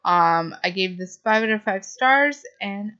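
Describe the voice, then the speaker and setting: A woman's voice: mid-range voice, lively intonation, unhurried, bright, forceful tone, clean tone, highs cut off. A woman reviewing a book in a casual, gushing way, full of "like" and "um" fillers.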